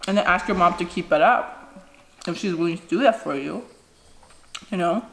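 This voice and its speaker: A woman's voice: on the low side, moderate pace, gravelly, fairly bright tone. A woman in her thirties, a mukbang vlogger chatting casually while eating and giving frank advice. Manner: chatty, gives frank advice, says "you know" often. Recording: echoey room with faint noise.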